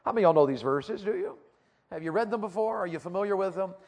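A man preaching a sermon, questioning the congregation and reading scripture slowly and deliberately. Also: high voice, lively intonation, vocal fry, a little mellow. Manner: call-and-response, asking the crowd questions. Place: church auditorium. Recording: reverberant hall.

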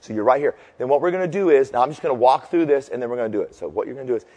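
Animated pastor in an echoing hall. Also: male voice, medium pitch, rapid-fire. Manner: animated, jokey storyteller leading a crowd cheer. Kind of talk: sermon with audience participation. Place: large hall before a live audience. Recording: long hall reverb.

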